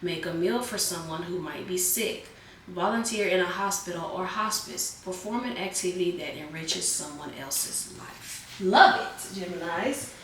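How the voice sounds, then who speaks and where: A woman doing a casual tarot reading, a bit hoarse as she is losing her voice, chatting loosely with many fillers. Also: fairly low pitch, unhurried, fairly bright tone, echoey room, far from the mic, slight background noise. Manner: chatty, filler-heavy, calls viewers "Geminis". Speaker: tarot reader.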